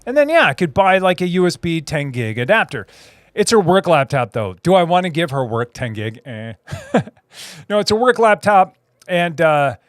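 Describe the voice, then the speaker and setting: Male streamer, slightly high voice, dry close mic, loose rambling chat with laughs. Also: sing-song, normal speed, no echo. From Minnesota. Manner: rambling, laughing, lots of restarts and fillers. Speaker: host answering live chat. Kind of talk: casual live-stream chat.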